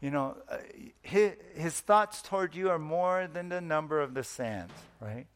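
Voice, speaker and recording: A man's voice: fairly high pitch, measured pace, clear, resonant tone. A man preaching a sermon in an earnest way, stretching out key words and often repeating himself.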